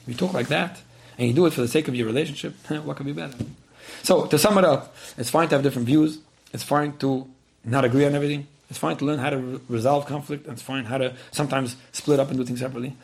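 A man earnestly gives advice in response to a listener's letter, often repeating words and acting out what people might say. His voice is a little high and gravelly, with lively intonation and a fast pace.

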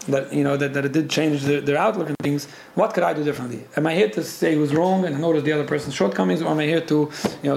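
A man teaching a weekly Torah class and answering listener questions. He talks quickly and often repeats or restarts words. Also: a little high, gravelly, background noise. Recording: echoey room with faint ambience.

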